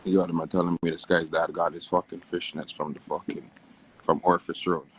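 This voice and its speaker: A young man, ranting profanely on a phone livestream, his voice jumping wildly between low and high. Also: a little fast, noisy background. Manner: profane, animated, wild pitch swings. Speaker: livestream host. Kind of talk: casual livestream rant.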